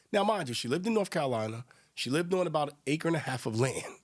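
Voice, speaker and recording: Animated man hosting a podcast. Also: fairly high pitch, fast, few pauses. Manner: emphatic, conversational, asks listeners rhetorical questions. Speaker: podcast host. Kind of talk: solo podcast commentary.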